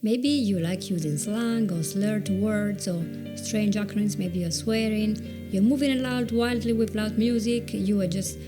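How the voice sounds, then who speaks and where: A woman's voice: mid-range voice, measured pace, over music. Chatty woman giving advice. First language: Italian. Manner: chatty, self-mocking, repeats words while thinking. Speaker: video presentation coach. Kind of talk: conversational advice talk.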